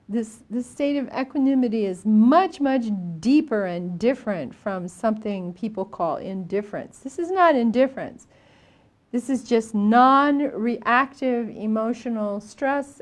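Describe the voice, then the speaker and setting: An older woman, a Buddhist nun, giving a storytelling dharma talk with frequent fillers and restarts. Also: medium pitch.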